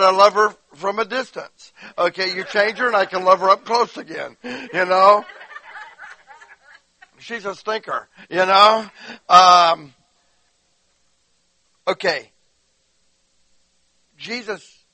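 A man's voice: high voice, slow, pauses often, no echo, rough recording. A man preaching a sermon, telling stories in a conversational way and acting out the quotes, often asking the listeners questions. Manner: animated storytelling, acts out quotes; conversational, addresses listeners directly. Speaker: pastor.

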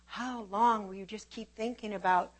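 A woman preaching a sermon with an opening prayer, fervent and emphatic, swinging between hushed and forceful delivery. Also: mid-range voice, fairly even intonation, moderate pace.

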